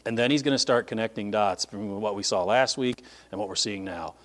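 A middle-aged man preaching a sermon as pastor, telling stories with lively shifts and acting out the people he quotes. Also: lowish voice, brisk. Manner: animated storytelling, voices quoted speakers.

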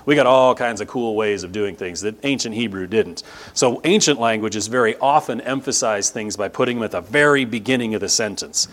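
A man's voice: lowish voice, brisk, a bit bright. A man teaching a casual Bible lesson from a map. He talks in a conversational way, often checks in with "right?" and leans on key words for emphasis.

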